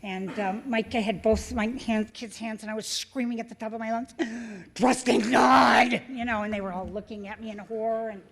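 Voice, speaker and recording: A woman's voice: fairly high pitch, fairly even intonation, brisk, few pauses, a little mellow. A woman speaking at a recovery meeting, telling a personal story with many fillers and acting out the voices she quotes.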